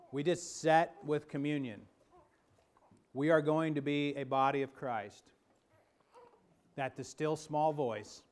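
A man delivers a sermon from the pulpit of a church, his voice sitting a little high for a man. He builds to emphatic peaks, then falls back into a soft, intimate hush. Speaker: pastor.

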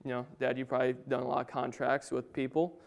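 This young man's medium-pitched voice is gravelly and flat as he moves fast through an informal Bible talk for his family. He seems a little nervous, slipping in casual asides and chuckling.

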